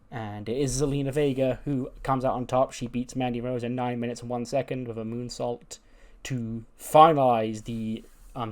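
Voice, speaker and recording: A man's voice: medium pitch, a little mellow. Casual man narrating a game playthrough. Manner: casual, chuckling, improvised storytelling. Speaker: let's player. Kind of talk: narrating a wrestling sim playthrough.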